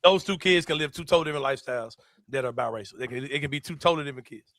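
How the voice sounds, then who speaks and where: A man hosting a casual sports-show chat, a loud, laughing storyteller who swears freely. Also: medium pitch, racing, dry recording, clean studio sound. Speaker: podcast host.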